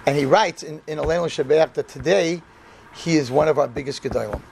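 A man's voice: on the high side, a little fast, vocal fry, slight background noise. A man, a rabbi, giving a humorous storytelling sermon to a room of yeshiva students and acting out the dialogue with animation. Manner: animated, acts out quoted dialogue. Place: room in front of an audience of students.

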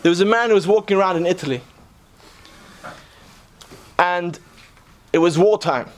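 A man's voice: high-pitched, normal speed. Earnest man telling a sermon story. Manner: earnest, rhetorical questioning storyteller. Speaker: preacher.

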